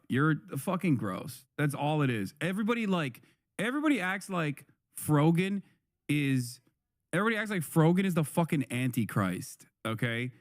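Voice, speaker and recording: A man's voice: a little high, no room sound, clean studio sound. A man streaming live, reacting to a video with heated, profane commentary that often repeats and restarts. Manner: angry, profane ranting.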